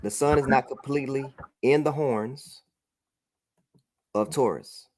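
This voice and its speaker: A man's voice: mid-range voice, a little slow, darkish tone. A man teaching a religious class over a broadcast, often saying "all right" and checking that his student follows along.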